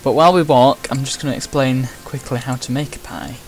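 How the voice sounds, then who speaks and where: A man's voice: medium pitch, steady tone, a little fast. A man giving casual, chatty gameplay commentary with wry asides. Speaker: gamer.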